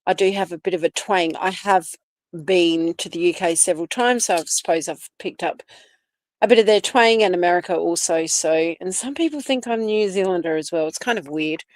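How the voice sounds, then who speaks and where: An Australian woman hosts a relaxed livestream, greeting viewers by name and chatting freely between topics. Her first language is Italian. The recording is dry and close. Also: lowish voice, fairly quick, no echo. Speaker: livestream host. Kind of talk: casual live chat reading comments.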